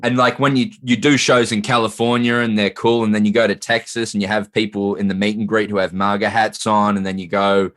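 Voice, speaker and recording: A man's voice: fairly low pitch, level tone, fairly quick, few pauses, fairly bright tone. A man from Australia, a guest from a comedy group, talking loosely and thoughtfully in casual chat.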